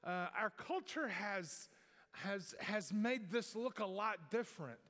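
High, bright-voiced male pastor in a hall. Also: animated, slow. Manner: folksy, rambling, many restarts and fillers. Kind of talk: sermon. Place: church sanctuary. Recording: long hall reverb.

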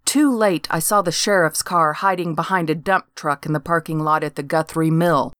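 A woman's voice: low voice, moderate pace, fairly bright tone, no room sound. An older woman reading a first-person story aloud with dry, wry humor. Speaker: narrator.

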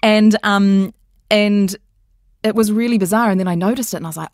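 A woman's voice: mid-range voice, a little fast, no echo, studio quality. A young woman, talking animatedly and playfully as a podcast guest. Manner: animated, playful, laughs often, slips into character voices. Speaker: guest, voice coach. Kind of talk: casual podcast interview.

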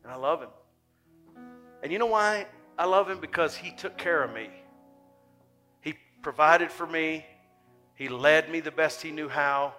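Impassioned older man preaching, bright voice. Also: fairly high pitch, unhurried, long pauses, faint music behind. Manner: impassioned, swings from soft to loud. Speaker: pastor. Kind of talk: sermon.

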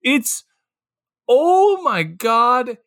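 A young man co-hosting a podcast, chatting excitedly and laughing often. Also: extremely high pitch, extremely slow, no echo, studio quality. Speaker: podcast co-host. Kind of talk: casual comedic chat.

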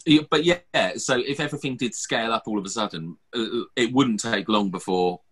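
A man's voice: mid-range voice, fairly quick, a bit bright, breathy edge. A man hosting a podcast, chatting casually and rambling with lots of fillers and restarts. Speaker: podcast host. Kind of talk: casual chat.

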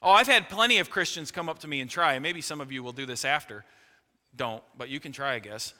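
A man preaching a sermon as pastor, emphatic, swinging from loud peaks to low, quiet asides. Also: quick pace, long reverb tail.

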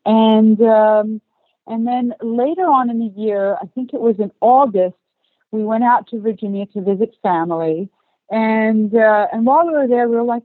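A woman's voice: a little high, normal speed, dry recording. Chatty woman with a light Australian-British accent. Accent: light Australian mixed with British. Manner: chatty, laughs often, many ums. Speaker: actress and producer guest. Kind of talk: casual interview chat. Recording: dry phone-like line.

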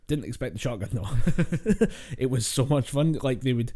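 Mellow-voiced rambling podcast co-host, a man. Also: mid-range voice, animated, moderate pace. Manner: rambling, laughing, frequent restarts and swearing. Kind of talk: casual gaming chat.

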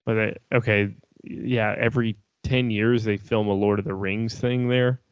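A man's voice: fairly low pitch, level tone, normal speed, smooth, no echo, dull audio. A young man in casual chat, laid-back and swearing, laughing easily.

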